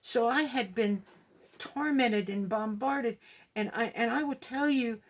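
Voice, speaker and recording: A woman's voice: on the high side, unhurried. A woman giving an emphatic personal religious testimony, acting out the dialogue in her story.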